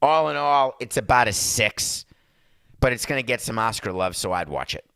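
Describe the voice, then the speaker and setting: A man's voice: fairly low pitch, expressive, moderate pace, bright, forceful tone, clear, resonant tone, no room sound, studio quality. A man hosting his podcast, giving sarcastic, rambling opinions with asides to his producer. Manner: mock Italian accent in one brief bit. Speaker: podcast host. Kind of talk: opinionated sports and culture talk.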